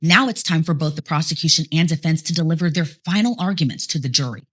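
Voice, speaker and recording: A woman giving scripted true-crime narration in a steady storytelling manner. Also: sits low, quick pace.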